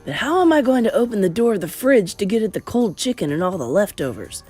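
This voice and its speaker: A woman voicing a loudmouthed, greedy, spoiled boy who has been turned into a mouse, shouting indignantly in a storybook read-aloud. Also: mid-range voice, very animated, fast, husky, soft background music. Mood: grumbling.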